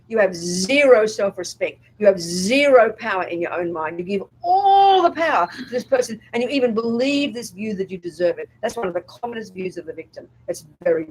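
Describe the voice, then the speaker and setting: Woman, Buddhist nun teacher, husky timbre, very animated pitch, blunt emphatic dharma talk to a live group. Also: rough recording. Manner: emphatic and blunt, asks the audience if they follow; acts out inner voices in quotes.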